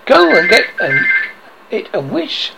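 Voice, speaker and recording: A man's voice: high voice, very animated, normal speed, creaky, loud music behind the voice, pitched above the performer's own voice, full character voice, poor audio. A man voicing a grieving old wife, pleading feverishly and frantically.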